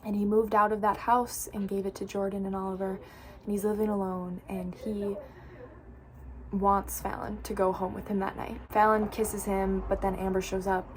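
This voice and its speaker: Young woman, casual book vlogger, chatty, says "like" often, flat delivery, mid-pitched. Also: moderate pace, slight background noise. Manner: chatty, fills speech with "like".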